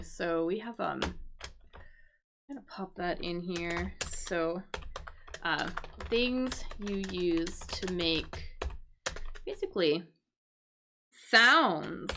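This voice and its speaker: Bright-voiced woman teaching English slowly. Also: mid-range voice, vocal fry, slight background noise. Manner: thinking aloud, explaining words slowly. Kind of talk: casual live-stream lesson.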